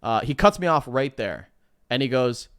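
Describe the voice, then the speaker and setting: Smooth-voiced man telling a story. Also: mid-range voice, moderate pace, no room sound, clean studio sound. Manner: animated anecdote-telling, swearing, acting out quoted dialogue. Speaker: podcast co-host. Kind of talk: casual podcast storytelling.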